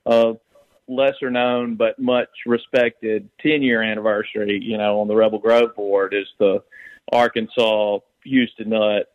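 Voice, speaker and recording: A man calling in to a sports radio show, telling a joke in a rambling, halting way. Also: fairly low pitch, flat delivery, no room sound, phone-quality sound. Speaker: caller. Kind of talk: casual call-in chat and joke telling.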